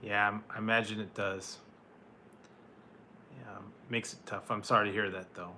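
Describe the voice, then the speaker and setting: An adult man who was once married reviews food on a live stream, chatting loosely with viewers and answering their messages with many fillers and little laughs. His voice is on the low side, level, pushed, and bright, at a moderate pace with slight background noise.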